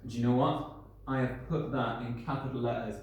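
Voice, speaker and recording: In a recorded lesson, a man who teaches primary school speaks fairly quickly to young children in a medium-pitched, fairly even voice. Warm and encouraging, he walks them through each step as he works and checks in often. A very echoey room and a little hiss or hum mark the recording.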